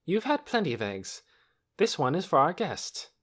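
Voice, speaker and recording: A man's voice: on the high side, huge pitch swings, a bit bright, voice pushed up, heavily acted. A man doing a weary woman doctor. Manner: weary and slow. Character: weary kind woman doctor, middle-aged.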